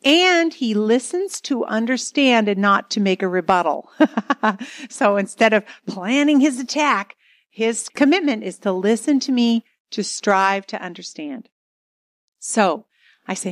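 Woman telling a lively marriage story. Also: on the high side, brisk, no room sound, studio quality. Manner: animated, dramatic storytelling with laughs. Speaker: marriage seminar speaker. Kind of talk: storytelling talk to an audience.

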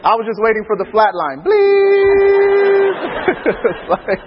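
A man who is a preacher, telling funny family stories in a laughing, animated way. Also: high-pitched, normal speed, long reverb tail, muffled recording, heavy background noise. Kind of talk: storytelling in casual talk.

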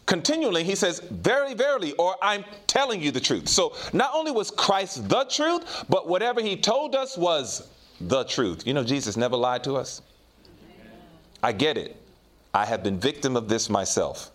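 A man's voice: very animated, normal speed. Man preaching with a wide-ranging voice. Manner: preaches in rising and falling swells, drops low and quiet for personal stories. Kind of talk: sermon.

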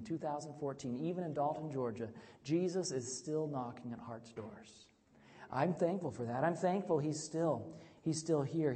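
A man preaching an evangelistic sermon, moving between quiet, intimate passages and loud, emphatic ones, and asking the audience questions. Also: on the high side, long reverb tail. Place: church hall with tables.

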